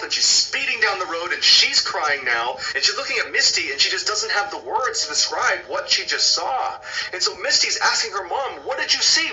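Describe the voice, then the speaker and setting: A man telling a scary true story in a scripted, hushed and dramatic narration. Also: on the high side, recorded from a distance, highs cut off.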